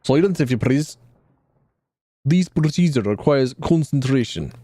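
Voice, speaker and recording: A man's voice: medium pitch, lively intonation, a little slow, dark tone, no echo. A man putting on a wry Russian-accented guide. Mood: dry, theatrical. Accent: put-on Russian. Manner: dry, theatrical, formal.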